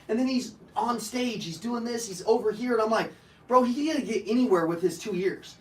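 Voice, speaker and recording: A man in his thirties giving a live sales training to an audience, loud, joking and profane, full of energy. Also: high-pitched, brisk. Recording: echoey room, heard from a distance.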